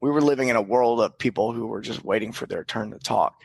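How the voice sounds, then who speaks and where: A man's voice: medium pitch, fast, gravelly, slightly rough, no room sound. A man guest on a podcast, telling a candid personal story in an earnest, reflective way, with casual swearing and frequent restarts.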